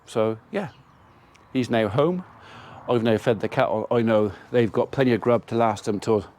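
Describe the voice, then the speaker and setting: A man's voice: medium pitch, normal speed, darkish tone. A man, a farmer, chatting casually to camera as he tells a rambling story about his day. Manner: chatty, rambling anecdote with quoted dialogue. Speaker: farmer vlogger.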